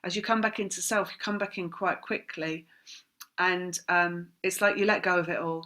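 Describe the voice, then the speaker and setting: A woman's voice: on the low side, fairly even intonation, moderate pace, bright, forceful tone. A woman giving a spiritual tarot reading, rambling and repeating words in long chains, apologizing now and then for how she talks. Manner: apologetic, laughs at herself. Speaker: tarot reader.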